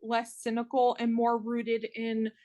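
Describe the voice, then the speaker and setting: Measured woman co-host asking questions. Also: a little high, completely flat delivery, dark tone, dull audio. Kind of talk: casual live-stream chat.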